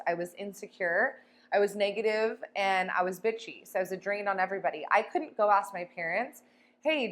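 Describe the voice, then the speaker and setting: Woman life coach ranting on her vlog, swears a lot, blunt and punchy, middle pitch. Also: a bit bright. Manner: blunt, profane and emphatic. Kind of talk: casual motivational vlog talk.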